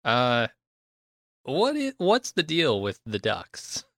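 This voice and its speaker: A man chats about a film on a podcast, asking questions and tripping over his words as he thinks. His voice is bright and mid-pitched. The recording is dry and close. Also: wildly swooping pitch, slow pace, no echo. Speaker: podcast co-host discussing a film. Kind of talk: casual chat.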